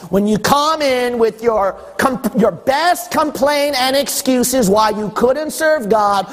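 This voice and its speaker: A man preaching a sermon as pastor, emphatic and rising to shouts, acting out the voices of God and his listeners. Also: very high-pitched, expressive, slow, in a large hall.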